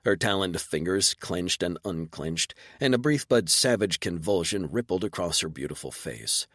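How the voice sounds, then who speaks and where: A man narrating a first-person sci-fi audiobook in a measured, terse manner. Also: low-pitched, expressive, a bit bright, no room sound, studio quality.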